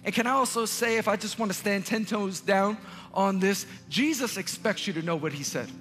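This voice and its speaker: A male pastor preaching a sermon in a large church, emphatic and repetitive, building up to shouts. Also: high-pitched, moderate pace, big-room sound, faint music behind.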